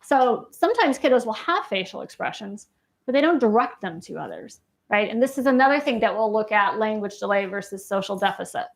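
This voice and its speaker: In a university lecture room, a female clinician lectures live in a relaxed, conversational way. Her medium-pitched voice is animated and fairly quick. She keeps quizzing the audience and ends points with "right?"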